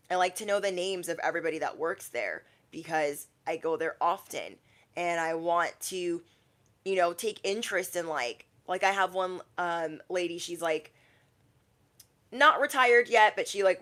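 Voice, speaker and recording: A woman's voice: fairly low pitch, normal speed, fairly bright tone. A young adult woman, a tarot reader, talking casually on a livestream and acting out quoted people in shifting voices.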